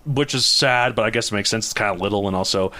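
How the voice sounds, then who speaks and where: A man's voice: on the low side, quick pace, pushed and bright. A young man hosting a casual podcast chat, laughing often and joking around. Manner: laughs often, jokey, puts on silly accents. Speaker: podcast host.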